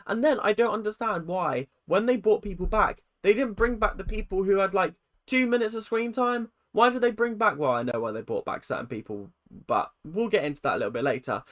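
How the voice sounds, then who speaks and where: An animated voice ranting through a ranking of reality-show contestants. The delivery is sarcastic and lively, leaping high on outbursts and dropping low for asides. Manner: animated, sarcastic, jumping pitch. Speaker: YouTube commentator.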